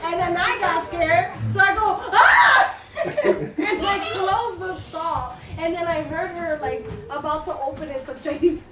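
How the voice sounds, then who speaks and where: A woman with a very high voice tells lively stories and laughs easily while she co-hosts a casual chat. She sits well back from the mic, so her voice carries a roomy echo. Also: unhurried, hardly any pauses. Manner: animated storyteller, laughs often. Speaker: co-host. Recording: echoey room, mic far off.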